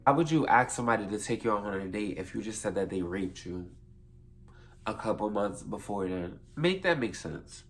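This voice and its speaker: A man's voice: on the low side, lively intonation, moderate pace, faint music behind. Young man telling a rambling story. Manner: rambling, profane, self-correcting. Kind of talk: casual storytime vlog.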